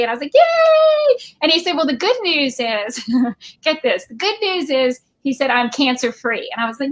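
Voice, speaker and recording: Animated woman telling a story. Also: high voice. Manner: animated, acts out quoted voices. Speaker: guest. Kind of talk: storytelling in casual chat. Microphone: video call.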